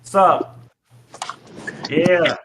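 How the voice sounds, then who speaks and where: A man's voice: on the high side, extremely slow, heavy background noise. A man co-hosting a casual livestreamed chat over an online call, telling stories animatedly and laughing often. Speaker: co-host.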